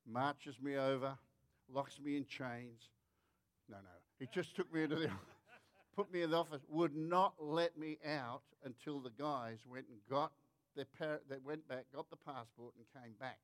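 A man's voice: mid-range voice, a little slow, a bit bright. A man with an Australian accent preaching a sermon, emphatic and rhetorical, often asking the crowd questions. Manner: emphatic, rhetorical, repeats "how many of you know".

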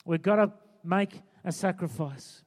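A man's voice: high voice, unhurried. A man preaching a sermon, fervent and urgent, driving his points home by repeating phrases. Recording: long hall reverb.

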